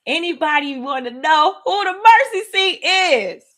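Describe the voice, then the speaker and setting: Lively high-voiced woman leading Bible study. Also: a little slow. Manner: animated, laughing, talks to viewers as y'all. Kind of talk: livestream Bible study, excited casual teaching.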